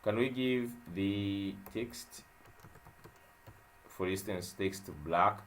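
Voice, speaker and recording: A young man walks through a coding tutorial in a low voice. He talks slowly and thinks aloud as he types, with frequent fillers and repeated phrases. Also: slight background noise. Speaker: web development tutor. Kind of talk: screen-share coding tutorial.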